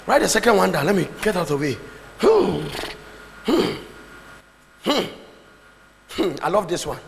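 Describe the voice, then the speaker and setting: A man preaching a fervent sermon, swinging between shouts and low asides. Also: sing-song, normal speed, gravelly, long pauses. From Ghana. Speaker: pastor. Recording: long hall reverb, faint background noise.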